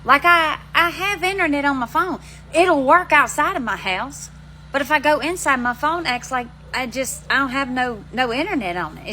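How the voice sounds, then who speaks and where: Bright-voiced Southern woman rambling. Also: high-pitched, a little hiss or hum, poor audio. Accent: Alabama Southern. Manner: rambling, folksy, country slang. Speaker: vlogger. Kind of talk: casual chat to camera. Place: outdoors on front steps.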